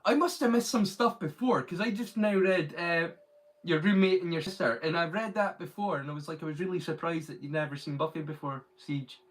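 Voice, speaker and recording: A man's voice: on the high side, fairly quick. A man hosting a live stream, chatting casually and rambling while he reads the chat aloud.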